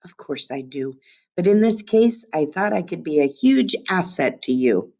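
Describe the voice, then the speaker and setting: A woman's voice: low voice, expressive, normal speed, gravelly, darkish tone, heavily acted. A woman reading aloud as a persistent twelve-year-old girl who talks eagerly and pleads, recorded on a webcam.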